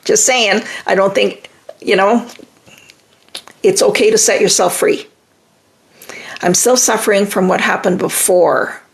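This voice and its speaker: Animated woman giving live advice, gravelly edge. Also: medium pitch, unhurried, long pauses. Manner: animated, emphatic and reassuring, reacting to viewer comments. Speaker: relationship advice host. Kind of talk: live-stream advice, reading comments aloud.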